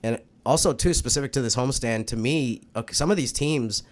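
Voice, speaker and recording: A man's voice: medium pitch, fairly quick. A man hosting a sports podcast in casual chat, earnest and emphatic. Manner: earnest, emphatic, with many restarts. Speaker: podcast host.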